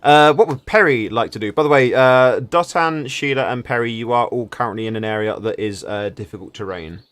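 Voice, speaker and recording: A man's voice: medium pitch, fairly bright tone, dry recording. Man running a tabletop game. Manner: quick explanations with stumbling word repeats. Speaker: game master.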